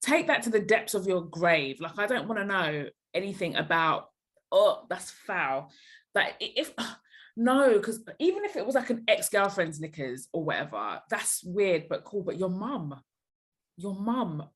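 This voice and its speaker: A woman's voice: mid-range voice, a little slow. A young woman as a podcast guest, giving blunt, emphatic advice in a casual chat. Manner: emphatic, blunt, animated reactions.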